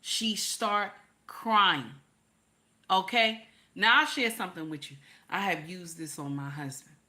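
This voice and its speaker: A middle-aged woman hosts a reaction video, speaking casually but with a preacher's emphasis. She turns to her viewers again and again. Her voice is bright and forceful. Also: on the low side, lively intonation, moderate pace.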